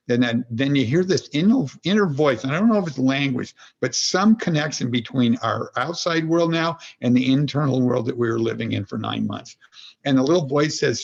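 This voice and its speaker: A man's voice: medium pitch, lively intonation, fairly quick, gravelly, slightly rough, highs cut off. A man as a podcast guest and executive coach, talking in an earnest, meandering way and explaining his ideas through everyday examples. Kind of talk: reflective conversational storytelling.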